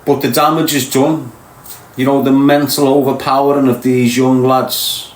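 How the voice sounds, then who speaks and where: A man's voice: mid-range voice, flat delivery, normal speed. Blunt Scouse man lecturing in an echoey room. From Liverpool, England. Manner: blunt, preachy, lectures viewers directly. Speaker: podcast host. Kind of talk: live-stream monologue to viewers.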